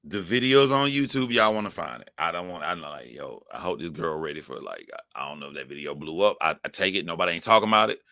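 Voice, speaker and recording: Man streamer, low forceful voice, dry close sound, profane emphatic ranting to chat. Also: lively intonation, quick pace, vocal fry, hardly any pauses, no room sound. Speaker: streamer commentator. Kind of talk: heated commentary to live chat.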